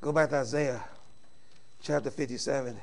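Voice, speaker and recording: Gravelly preacher swinging loud to hushed. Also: male voice, mid-range voice, steady tone, moderate pace. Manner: swings from loud shouting to hushed intimate speech. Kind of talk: sermon.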